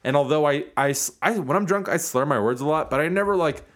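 A man's voice: fairly high pitch, fast. A man co-hosting a podcast in casual chat, joking and teasing his co-host.

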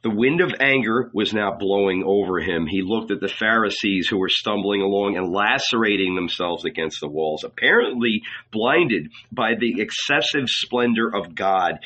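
A man narrating an audiobook in a measured, deliberate reading. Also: on the low side, bright, forceful tone. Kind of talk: scripted narration. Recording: dull lo-fi recording.

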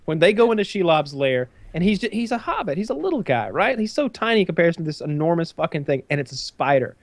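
A man co-hosting a podcast in casual chat, animated and profane, with frequent restarts and fillers. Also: on the high side, fast talker, dry recording.

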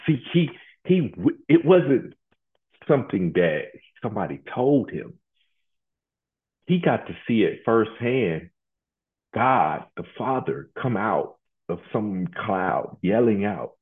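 A man with a very low voice delivering a sermon. He talks casually and haltingly, restarting and repeating words as he goes. The sound is thin and phone-like. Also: sing-song. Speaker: preacher. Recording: tinny phone-like line.

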